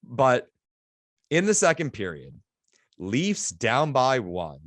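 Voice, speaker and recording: A man co-hosting a sports podcast, talking in an excitable, animated way. His voice is mid-pitched and recorded close and dry, with no room sound. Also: slow, dry recording. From Canada. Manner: excitable, animated storytelling with laughs. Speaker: podcast co-host. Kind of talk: casual sports podcast chat.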